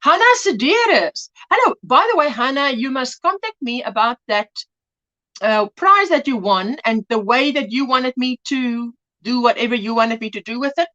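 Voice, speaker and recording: Lively high-voiced woman. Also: moderate pace, lo-fi sound. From South Africa. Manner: chatty, greets viewers and reads comments aloud. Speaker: crochet livestream host. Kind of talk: casual live-stream chat. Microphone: phone.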